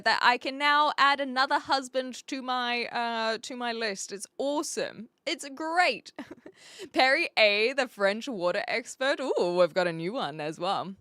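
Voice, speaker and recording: A woman's voice: a little high, lively intonation, measured pace, sharp tone, no room sound, clean studio sound. A woman with a New Zealand accent chatting casually on a live stream, reading out chat messages with a rambling, self-deprecating manner and frequent laughs.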